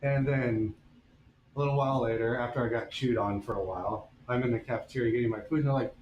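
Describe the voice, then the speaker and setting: A man's voice: medium pitch, steady tone, fast talker, a little mellow. A man blacksmith streamer casually telling a story while working in his workshop, in a wry, anecdotal way. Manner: laid-back, wry anecdotal delivery. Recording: echoey workshop with faint ambient noise.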